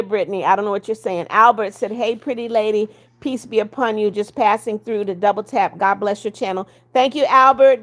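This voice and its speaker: A woman hosting a livestream, reading viewer comments aloud and answering them in a firm, blunt way. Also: mid-range voice. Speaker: livestream host.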